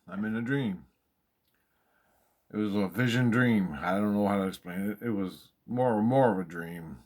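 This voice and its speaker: Excitable, swearing man telling a story. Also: lowish voice, moderate pace, long pauses. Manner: excitable, profane, repeats himself for emphasis. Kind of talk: casual spoken storytelling monologue.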